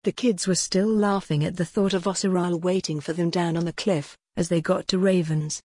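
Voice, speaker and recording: A woman reading a children's adventure story aloud in a calm, even storytelling manner. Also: fairly low pitch, normal speed, slightly rough, no room sound, studio quality. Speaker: audiobook narrator. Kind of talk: scripted storybook narration.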